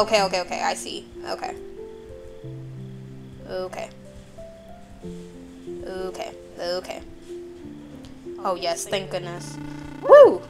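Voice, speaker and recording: A woman playing a horror video game, chatting nervously to her viewers as she goes. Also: mid-range voice. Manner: jittery, chatty, talks to viewers as y'all. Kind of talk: let's play commentary.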